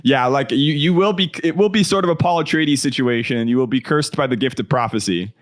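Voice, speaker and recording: A man's voice: medium pitch, brisk. A man hosting a casual panel talk show, moderating in a playful, theatrical way.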